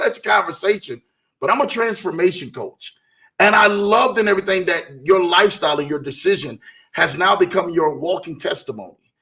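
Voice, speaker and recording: A man's voice: high voice, bright, forceful tone. A man hosting an interview show, asking long rambling questions full of fillers and cheering his guest on. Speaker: podcast host. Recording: voice distant from mic.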